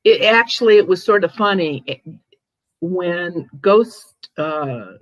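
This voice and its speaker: An older woman hosting a casual chat, telling stories in a chatty, animated way with frequent restarts. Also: fairly low pitch, takes it slowly, no room sound, poor audio. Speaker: host, ghost medium.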